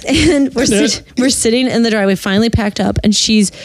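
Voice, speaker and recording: A woman's voice: fairly high pitch, fairly quick, no echo. Midwestern woman storyteller, casual, swears a lot, dry close sound. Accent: Midwestern American. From Wisconsin. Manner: animated, quotes people, frequent "like" and swearing.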